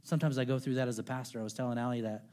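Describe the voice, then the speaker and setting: A middle-aged male pastor preaching a sermon, telling a personal story with earnest, conversational delivery that drops to quiet, intimate tones. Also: mid-range voice, steady tone, racing.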